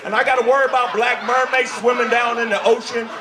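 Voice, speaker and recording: Brash high-voiced stand-up comic. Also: male voice, fairly even intonation, noisy background. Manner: brash, profane, mocking voices in quick bits. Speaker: stand-up comedian. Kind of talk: stand-up comedy set. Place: comedy club stage. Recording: live club with loud crowd laughter.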